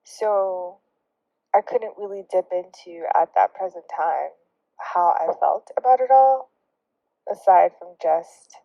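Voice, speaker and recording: A young adult woman with a lowish, slow voice and vocal fry narrates a story vlog-style, sarcastic and relaxed. Laughter and hushed, whispery asides punctuate it. The dull lo-fi recording is dry, with no room sound.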